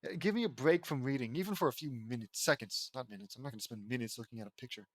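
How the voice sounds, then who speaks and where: A man's voice: medium pitch, rapid-fire, no echo. A man reading a fan fiction aloud, stopping to mock and swear at the story. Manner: sarcastic, swears, breaks off to mock the text. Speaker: audiobook reader of fan fiction. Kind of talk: reading aloud with off-the-cuff commentary.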